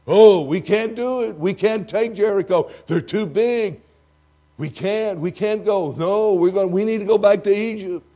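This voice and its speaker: A Texan preacher mimicking a crowd of fearful men who whine that they cannot go on, in a Texan accent. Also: male voice, sits high, a little slow, dark tone, pitched above the performer's own voice. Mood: whining, panicked. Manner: panicked, complaining. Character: fearful whining doubters, grown men.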